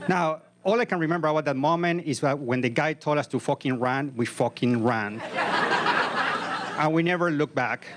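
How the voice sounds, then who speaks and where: A man's voice: on the high side, background noise. A man in his fifties performing a live comic story on a comedy club stage, with vivid, punchy narration into a stage microphone.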